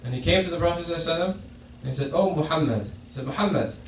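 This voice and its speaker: A man with a high-leaning voice races through a Friday sermon in a mosque prayer hall, explaining a hadith while repeatedly restarting and repeating his phrases. A distant mic picks up the echoey hall and faint noise.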